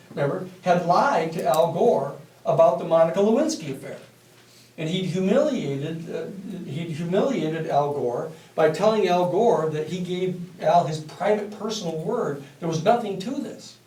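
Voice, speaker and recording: A man lecturing a university class, telling stories in a blunt, animated and profane way. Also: high-pitched, moderate pace. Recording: echoey classroom from a distance.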